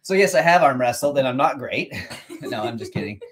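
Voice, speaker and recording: A man's voice: mid-range voice, lively intonation, brisk, a bit bright, a little hiss or hum. A man from Canada joking around as co-host of a live cooking stream. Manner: joking, playful banter. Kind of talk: casual chat. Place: home kitchen.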